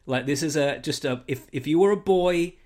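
A man co-hosting a casual podcast chat, animated and telling stories with quoted voices. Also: on the high side, moderate pace. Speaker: podcast co-host.

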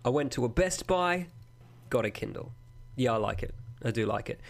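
A man's voice: mid-range voice, expressive, moderate pace, vocal fry. A man co-hosting a podcast, blunt and dry, swearing freely. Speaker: podcast co-host. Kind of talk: casual chat.

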